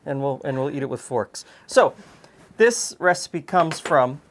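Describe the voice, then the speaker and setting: A man's voice: fairly high pitch, expressive, unhurried, slight background noise. A man hosting a home cooking show, talking casually and chattily as he cooks, with frequent ums. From Canada.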